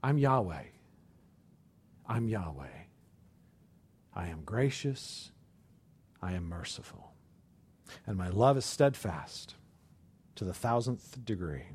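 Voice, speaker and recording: A man preaching a sermon voices God as gentle and merciful, speaking softly and slowly. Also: mid-range voice, voice pushed down, natural voice. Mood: tender.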